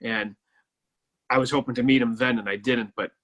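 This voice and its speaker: Wry man with a bright voice. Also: mid-range voice, steady tone, moderate pace, highs cut off. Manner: wry, self-deprecating, laughs at own jokes. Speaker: comedian guest. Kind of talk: casual chat.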